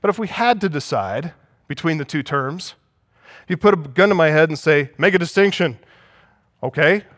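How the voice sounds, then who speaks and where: A man's voice: a little high, expressive, moderate pace, a bit bright, no room sound, clean studio sound. A man preaching a sermon as pastor, teaching and asking the congregation for agreement.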